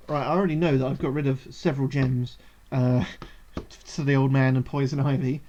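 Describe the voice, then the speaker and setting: A woman playing a game on a charity livestream, reading it aloud and reacting loudly with exclamations and swearing, on dull lo-fi stream audio. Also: a bass voice, fairly even intonation, normal speed, a little hiss or hum.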